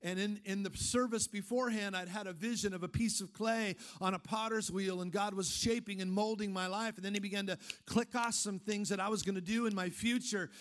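A man preaching a sermon, firing off emphatic rhetorical questions and then dropping into a low, casual storytelling tone. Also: fairly even intonation, a little fast, few pauses, a bit bright. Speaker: pastor.

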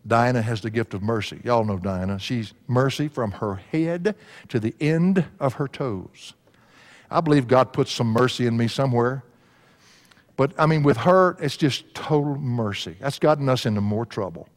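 Speaking at a normal speed in a mid-range voice, this man preaches a sermon woven with storytelling. As a pastor, he keeps things folksy, chuckling at his own tales, while the hall's long reverb hangs in the air.

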